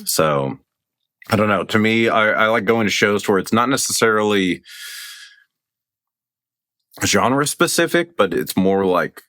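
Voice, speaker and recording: A man's voice: lowish voice, expressive, unhurried, long pauses, fairly bright tone, no room sound, clean studio sound. A man guest on a podcast chatting casually. He rambles with enthusiasm and says "like" a lot. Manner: rambling, enthusiastic, heavy use of "like". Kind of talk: casual conversation.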